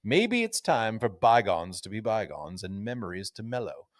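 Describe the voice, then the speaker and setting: A man's voice: fairly low pitch, sing-song, moderate pace, dry recording, studio quality. A man co-hosting a casual golf podcast, reading newspaper quotes aloud in a storytelling way. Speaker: podcast co-host.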